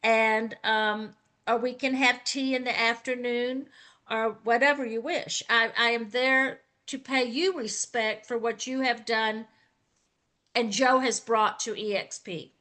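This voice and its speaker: A woman's voice: a little high, steady tone, a little slow, bright, forceful tone. A woman with a Southern American accent, speaking as a guest on a video call panel, gracious and effusive, with a drawl. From Southern United States. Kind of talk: slow, folksy online panel talk.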